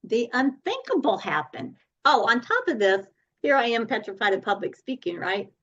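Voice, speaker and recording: Woman coach as podcast guest, animated storyteller; dull remote-call sound. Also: a little high, moderate pace. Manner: animated, laughs often while telling stories.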